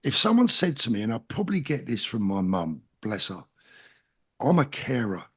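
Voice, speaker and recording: A man's voice: medium pitch, big pitch swings, normal speed, breathy edge. A middle-aged man with a South London accent, a guest talking in an interview in an earnest, plain-spoken and emphatic way. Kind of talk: casual interview talk.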